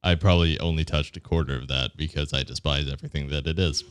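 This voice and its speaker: A man's voice: very deep voice, fairly even intonation, fast talker, clear, resonant tone. A man co-hosting a podcast in casual chat, ranting sardonically and swearing. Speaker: podcast co-host.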